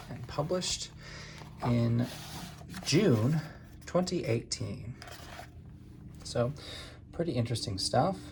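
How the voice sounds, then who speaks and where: A man's voice: medium pitch, gravelly, noisy background. A man from Maine giving a casual spoken book review in a conversational, hesitant way.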